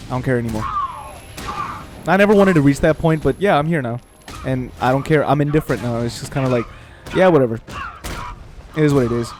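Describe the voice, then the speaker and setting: A man's voice: a little high, brisk, darkish tone, faint music behind. A young man telling a long personal story while playing a game, rambling, heartfelt and full of swearing and fillers. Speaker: gaming channel host. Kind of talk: storytelling over gameplay.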